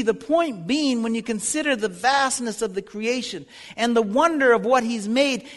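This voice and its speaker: A man's voice: very high voice, moderate pace, few pauses, fairly bright tone. A man teaching a Bible lesson in sermon style, earnest and building to fervent appeals. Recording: long reverb of a hall.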